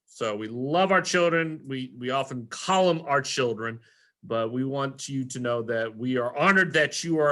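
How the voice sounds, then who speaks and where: A man's voice: mid-range voice, sharp tone. A man, an elementary school principal giving a recorded presentation to parents, earnest and often correcting himself. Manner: earnest, repetitive, self-correcting.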